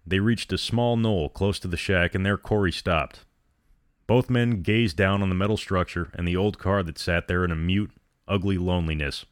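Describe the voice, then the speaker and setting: A man reads a dramatic story aloud with measured gravity. His voice is deep and low. The sound is close and dry, with no room around it. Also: steady tone, dry recording. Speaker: narrator.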